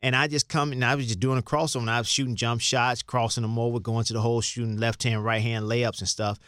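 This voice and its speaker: An older former basketball player from Chicago appears as a guest in a casual interview, telling meandering stories, restarting, and playing out the lines he quotes. His mid-range voice is smooth and fairly bright, moving quickly with little pitch change. The recording is dry and clean, studio-grade.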